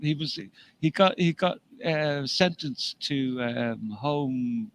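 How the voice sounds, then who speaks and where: A man's voice: medium pitch, lively intonation, slow. A man chatting casually on a live show, stumbling and hedging as he works through his thoughts. His voice sits in an ordinary middle range. A faint hiss runs under the recording. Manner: hesitant, restarts and hedging. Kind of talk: casual live-stream chat.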